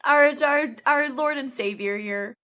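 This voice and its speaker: A woman's voice: high voice, measured pace, a bit bright. A woman co-hosting a podcast, chatting through a movie plot with jokey asides and acted-out lines. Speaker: podcast co-host. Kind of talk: casual movie recap chat.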